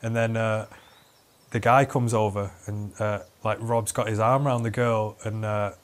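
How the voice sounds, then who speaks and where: A man's voice: fairly low pitch, flat delivery, normal speed. A man, a podcast host telling a rambling story, swearing and laughing as he goes. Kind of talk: casual storytelling chat.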